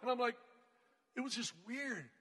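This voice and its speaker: A man speaking to a youth group, telling a story in an excitable, slangy way with frequent laughs, in a large church hall. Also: very high-pitched, normal speed, breathy edge. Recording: long reverb in a large hall.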